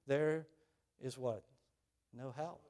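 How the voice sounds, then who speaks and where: A man preaching a sermon, animated and storytelling, rising and falling in volume. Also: medium pitch, slow pace. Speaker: pastor.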